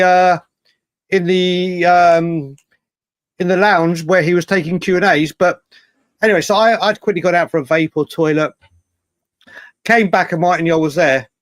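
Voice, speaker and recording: A man's voice: high-pitched, no echo. Rambling storytelling man, dry sound. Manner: animated, rambling storyteller with frequent restarts. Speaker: podcast co-host. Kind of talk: casual chat.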